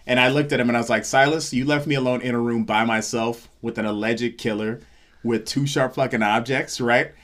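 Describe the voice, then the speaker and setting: A comedian from Seattle, USA, tells a story in casual chat, his medium-pitched voice moving briskly. He's animated throughout and acts out the quoted lines of the people in the story.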